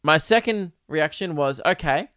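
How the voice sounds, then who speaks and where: A young man hosting a casual solo podcast, ranting with animated, profane mock outrage. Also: a little high, a little slow, clean tone, no echo, clean studio sound. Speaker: podcast host.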